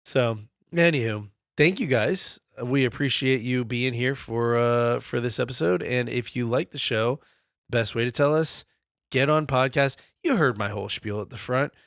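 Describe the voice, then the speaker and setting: A podcast co-host in his forties, talking casually and swearing freely as he rambles through a story. His voice sits in a middle pitch. The recording is dry, with no room sound. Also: normal speed, creaky, fairly bright tone, no echo. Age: 40s. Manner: loose, profane storytelling. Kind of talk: casual chat.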